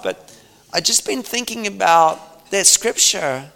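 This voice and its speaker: A man's voice: high-pitched, measured pace, vocal fry, sharp tone. A man preaching a sermon, telling a story in an earnest, reflective way with many fillers. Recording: long hall reverb.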